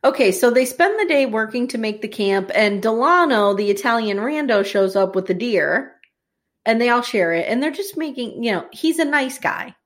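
Woman, podcast co-host, casual episode recap, wry, animated delivery. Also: on the high side, moderate pace. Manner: wry, animated, laughs often.

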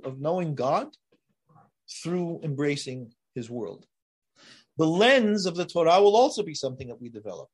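A man teaching a Torah class, emphatic and building to forceful rises on key points, then dropping to quiet asides. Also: on the high side, husky. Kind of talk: Torah lecture.

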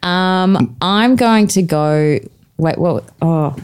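A woman guest on a comedy game show podcast, playful and laughing often with quick asides. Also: on the low side, darkish tone, clean tone. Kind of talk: casual comedy podcast banter.

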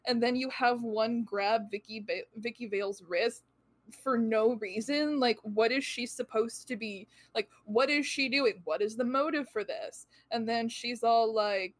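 A woman's voice: fairly high pitch, measured pace, no room sound. A woman co-hosting a casual comic book podcast, talking critically and with exasperation. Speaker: podcast co-host.

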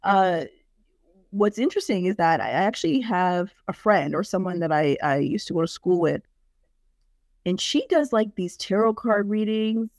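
Woman cohost telling stories, chatty, bit of a deep voice, dry mic. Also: lively intonation, moderate pace, darkish tone, dry recording. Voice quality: can sound deep. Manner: chatty, leans hard on "like", storytelling. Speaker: podcast co-host. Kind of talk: casual chat.

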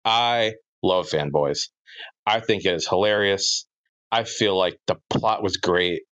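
Casting note: deep-voiced man, eager fan, stumbling restarts, dull dry sound. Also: a bit bright, dry recording. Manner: enthusiastic fan, halting restarts. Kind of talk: casual chat.

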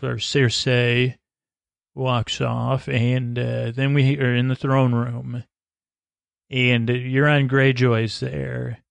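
A man with a gravelly voice rambles through a scene-by-scene recap, stalling on "uh" and restarting words. He is recorded close up on a very dry mic, with no room sound. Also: medium pitch, no room sound. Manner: halting, many "uh" fillers and restarts. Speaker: podcast host recapping a TV episode.

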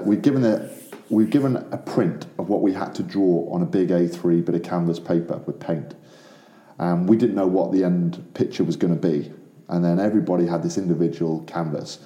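A man co-hosting a podcast, telling stories in a relaxed, rambling way with many fillers. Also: low voice. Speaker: podcast co-host. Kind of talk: casual chat. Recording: echoey room.

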